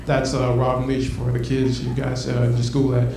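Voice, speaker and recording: A man performing a stand-up comedy set, animated, acting out his bits and swinging between loud and soft. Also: medium pitch, normal speed, gravelly, few pauses. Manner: animated, acts out bits with shifting loudness. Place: comedy club stage. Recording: echoey room from a distant mic, noisy.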